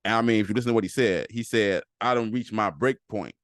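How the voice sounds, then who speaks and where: A man, low in pitch, riffs casually on a podcast. He talks loosely and keeps repeating phrases for emphasis. The sound is dry and close to the mic. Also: quick pace, dry recording. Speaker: podcast host. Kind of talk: casual solo podcast talk.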